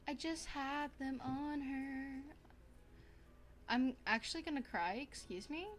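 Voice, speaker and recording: A young woman streaming a life-sim game, chatting casually to viewers in a bubbly, excitable way, gasping and repeating herself. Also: high-pitched, slow pace. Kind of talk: casual gaming stream chat.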